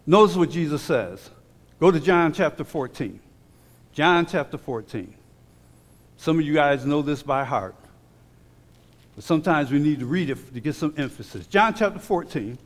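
A man preaching a sermon with emphasis, slowing down to read scripture aloud and dropping into relaxed, stumbling asides to the congregation. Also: a little high, big-room sound. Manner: emphatic, slows down when reading scripture; conversational asides with repeated restarts.

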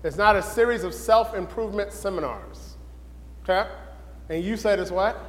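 A man teaching a Bible lesson in sermon style, questioning the room and building to excited shouts. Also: sits high, moderate pace, long reverb tail.

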